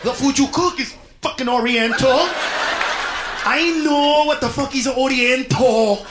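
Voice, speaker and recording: High-voiced brash stand-up comic man. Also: measured pace. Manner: brash, profane, shouting punchlines. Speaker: stand-up comedian. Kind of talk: stand-up comedy routine. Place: comedy club stage before a live audience. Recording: loud live audience and room noise.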